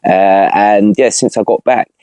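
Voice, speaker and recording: Young guy rambling in slang, low mellow voice, dry sound. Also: fairly even intonation, unhurried, clear, resonant tone, no echo. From Britain. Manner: slangy, rambling, many restarts. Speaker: podcast co-host. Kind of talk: casual chat.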